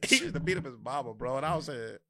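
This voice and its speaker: A young man telling stories in casual chat, animated and often laughing as he acts out the people in them. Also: mid-range voice, fast talker.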